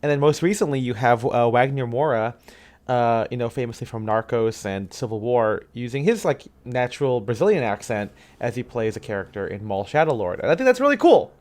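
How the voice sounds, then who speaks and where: A man co-hosting a podcast in casual chat, rambling and animated, dropping quick asides and quoting movie lines. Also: medium pitch. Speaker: podcast co-host.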